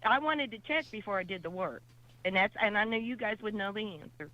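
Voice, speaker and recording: A woman's voice: mid-range voice, lively intonation, brisk, pushed and bright. A woman calling into a radio show, exclaiming and easily amazed. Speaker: caller. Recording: dull phone-line call.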